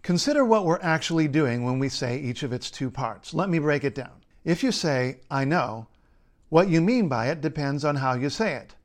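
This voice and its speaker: A man, a linguist, reading a scripted explainer in a measured, playful way. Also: fairly high pitch, animated. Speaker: linguist and writer.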